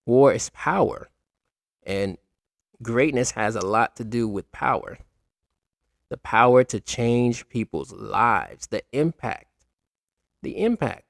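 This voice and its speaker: A man's voice: mid-range voice, animated, slow, vocal fry, pauses often, no room sound, clean studio sound. A man hosting a solo podcast, rambling in a casual way and talking straight to his listeners. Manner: rambling, restarts often, addresses listeners directly. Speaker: podcast host.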